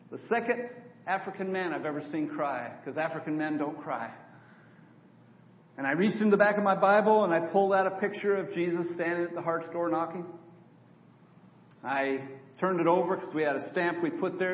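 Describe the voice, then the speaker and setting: A man's voice: a little high, slight background noise. An older man, a preacher, telling a story in a sermon and acting out the dialogue. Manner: animated storyteller, quotes others in dialogue. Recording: echoey hall from far off, dull.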